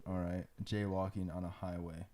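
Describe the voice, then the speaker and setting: A man's voice: low voice, flat delivery, moderate pace, dark tone. Joking young man co-hosting a podcast. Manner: joking, riffs on absurd bits. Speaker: podcast co-host. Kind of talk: casual chat.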